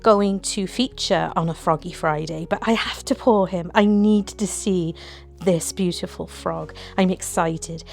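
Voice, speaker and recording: A woman's voice: on the low side, fairly even intonation, unhurried, vocal fry, soft background music. Bubbly, gushing woman. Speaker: resin craft vlogger. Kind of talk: casual craft tutorial chat.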